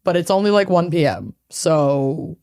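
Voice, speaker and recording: A woman's voice: low-pitched, big pitch swings, measured pace, warm tone. A woman co-hosting a casual podcast, joking and teasing her friend. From Minnesota. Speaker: podcast co-host. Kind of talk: casual chat.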